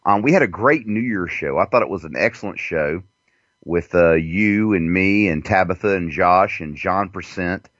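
A man hosting an online radio show, talking in a profane, rambling, animated way with lots of fillers. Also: deep voice, moderate pace, no room sound. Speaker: show host. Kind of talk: crude casual radio chat. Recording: dull, dry lo-fi sound.

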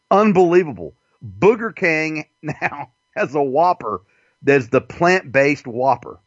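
A man's voice: a little high, no echo, lo-fi sound. A man hosting a podcast, delivering a crude, mocking, profane monologue. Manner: crude, mocking, animated delivery with frequent swearing. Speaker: podcast host.

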